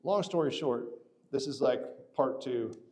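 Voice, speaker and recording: A man with a mellow, darker voice recounts a story in casual conversation. He rambles, restarts his sentences and fills pauses as he goes, at a middling pitch. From Atlanta area. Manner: animated, rambling with many restarts and fillers.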